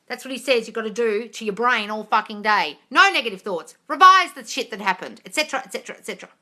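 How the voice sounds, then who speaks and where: A woman answering viewers' questions on a live stream, blunt and sweary, scolding her viewers and swinging from low mutters to loud yelling. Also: big pitch swings, fairly quick. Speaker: manifesting coach answering live chat questions. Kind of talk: blunt livestream Q&A.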